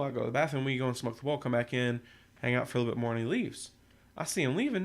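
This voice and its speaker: A man's voice: mid-range voice, vocal fry. A young man casually telling a long, profane story on a podcast, acting out what people said. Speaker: podcast co-host.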